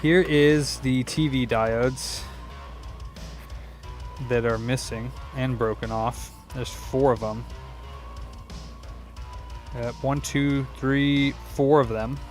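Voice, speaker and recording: This is a man with a mid-range voice and a steady tone, talking slowly with long pauses while soft music plays. He's a young guy running a repair shop, swearing and rambling casually to himself and his viewers during a working livestream as he searches for parts.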